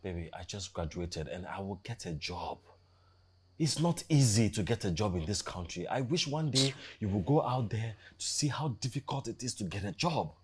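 An actor playing a deep-voiced, pleading broke graduate. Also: male voice, animated, moderate pace, a little mellow, a little hiss or hum, natural voice. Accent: Nigerian. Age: 20s. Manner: pleading, wounded. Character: broke young graduate, pleading with his girlfriend. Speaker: boyfriend in a film drama. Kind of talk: Nollywood film acting.

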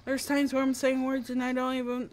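High-voiced and fairly quick, with a completely flat delivery, an East Coast woman chats on a live game stream. She's young, playful and casual, and by her own description a bit dramatic.

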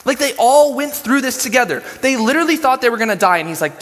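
A male pastor preaching a sermon in a casual, animated storytelling way, full of slang. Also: extremely high pitch, fast. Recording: long hall reverb.

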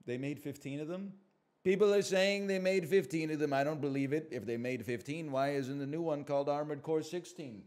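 A man's voice: fairly quick, darkish tone. A man in his thirties streaming, ranting in sarcastic casual banter. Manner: sarcastic, ranting, mock voices at high pitch.

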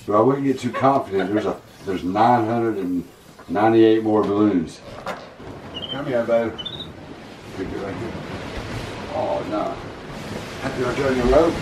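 A man's voice: medium pitch, unhurried, long pauses. A man who owns pet monkeys narrates a casual vlog in a playful, chatty way, laughing often and talking to the animals. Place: indoor room filled with balloons. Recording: echoey room, distant mic, background noise.

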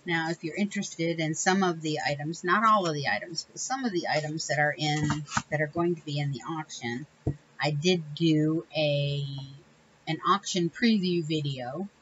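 A woman's voice: low voice, normal speed, highs cut off, a little hiss or hum. A woman hosting a casual crafting video, chatting in a rambling, self-correcting way with small laughs. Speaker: crafting channel host. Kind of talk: casual crafting tutorial chat.

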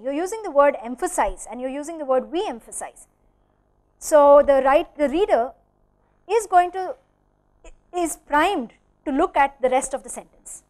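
A woman with an Indian English accent speaks in a notably high voice, giving a studio lecture. She answers questions from remote centres in a measured, explanatory manner, leaning on certain words for emphasis. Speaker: workshop lecturer.

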